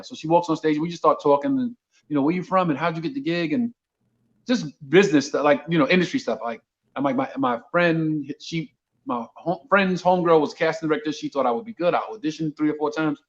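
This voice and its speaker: Talking fairly quickly in a fairly high voice, this Brooklyn comedian guest spins a casual story and performs the dialogue with animation. The recording is dull-sounding.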